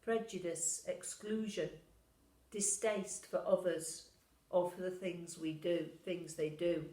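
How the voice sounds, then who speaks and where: A woman minister reading a pastoral letter in a gentle, reflective way. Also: fairly low pitch, fairly even intonation, slow pace, roomy sound, poor audio. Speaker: Methodist minister. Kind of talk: pastoral letter read aloud.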